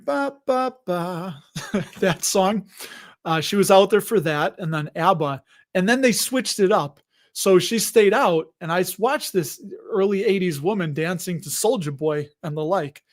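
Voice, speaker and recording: A man in his forties hosting a casual live stream, chatting loosely, greeting viewers by name and laughing often. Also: high voice.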